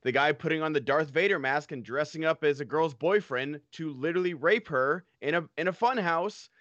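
A man's voice: fairly high pitch, brisk, a bit bright, no room sound, muffled recording. A man hosting a casual talk show, rambling and filling his speech with "like". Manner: rambling, heavy on "like". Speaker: podcast host. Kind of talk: casual chat.

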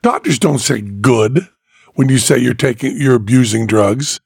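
A man hosting a podcast, telling a story with animated comic flair, profane and acting out both sides of a dialogue. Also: mid-range voice, a little slow, vocal fry, breathy edge, dry recording, studio quality. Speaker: podcast host.

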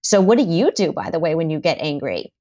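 Lively woman therapist, low voice. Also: brisk. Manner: animated, acts out parents' and children's voices. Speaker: therapist and author, guest. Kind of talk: conversational podcast interview.

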